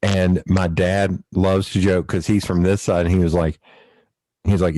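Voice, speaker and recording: Deep-voiced man telling stories. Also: a little slow, no echo, rough recording. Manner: animated, laughs often while telling family stories. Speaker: podcast host. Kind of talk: casual storytelling chat.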